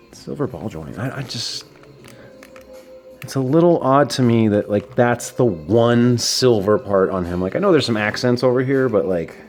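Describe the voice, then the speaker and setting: A man's voice: mid-range voice, darkish tone. Chatty enthusiastic man, toy unboxing. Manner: enthusiastic, chatty, many fillers and restarts. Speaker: toy collector reviewing a figure. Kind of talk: casual unboxing talk.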